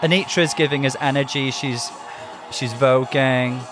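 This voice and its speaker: A man, co-hosting a casual reaction chat with campy, excitable commentary. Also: medium pitch, a little slow, over music, crowd noise. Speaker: podcast co-host.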